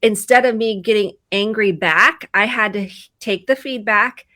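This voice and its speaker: A woman's voice: medium pitch, moderate pace, pushed and bright, no room sound. A woman therapist talking casually on a video call, telling stories and acting out her own quoted lines with animation. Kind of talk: video chat about mental health.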